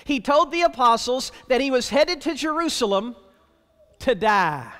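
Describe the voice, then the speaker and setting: A man with a very high voice preaches a sermon in a church sanctuary, and the sound rings out with a long reverb. He is plainspoken and wry, and he keeps turning to the congregation with rhetorical questions. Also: big pitch swings, a little slow, a bit bright. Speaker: pastor.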